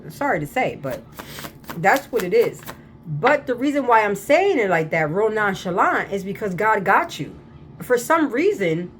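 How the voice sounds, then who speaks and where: A woman's voice: medium pitch, a little hiss or hum. A woman giving a casual tarot reading to camera, talking in a repetitive, emphatic way with spiritual reassurance, her throat a little irritated. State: slightly irritated throat, coughing at times. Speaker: tarot reader.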